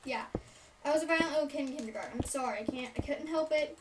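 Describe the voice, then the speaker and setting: A woman's voice: high voice, quick pace. A young woman telling a childhood story in a casual, rambling way, full of fillers and side remarks. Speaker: storyteller vlogger. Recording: distant mic, noisy room.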